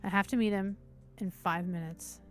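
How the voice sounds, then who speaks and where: At normal speed and with a mid-range voice, a woman hosting a stream reads from a visual novel as faint music plays. She keeps a steady narrating rhythm, interrupted by casual swearing asides.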